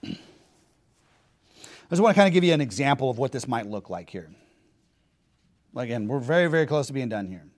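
A man's voice: medium pitch, very animated, normal speed, pauses often. A man preaching a sermon in an emphatic, mocking way, often repeating rhetorical questions.

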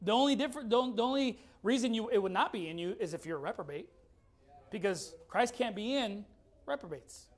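A man preaching a sermon, firing rhetorical questions and reading scripture slowly and deliberately. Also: high voice, animated. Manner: emphatic, fires rhetorical questions.

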